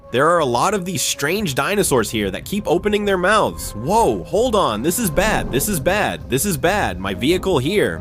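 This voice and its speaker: An excitable man calls out a survival game as he plays it, his fairly high voice bouncing up and down as he talks. He jumps from calm remarks to quick alarmed shouts. Soft music plays under him. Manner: excitable, jumpy play-by-play. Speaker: gaming channel host. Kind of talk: Minecraft survival commentary.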